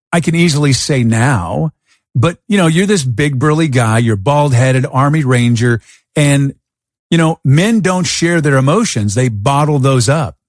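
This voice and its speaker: A man's voice: fairly high pitch, no room sound. Man telling stories, dry close sound. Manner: animated, acts out his own past thoughts. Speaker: podcast host. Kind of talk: storytelling in a casual interview. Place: Arizona.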